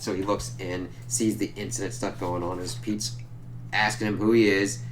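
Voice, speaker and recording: A man casually recapping a comic book issue, loose and profane, jumping up in pitch whenever he quotes a character. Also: level tone, moderate pace, a little hiss or hum. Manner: loose and profane, jumps higher when quoting characters.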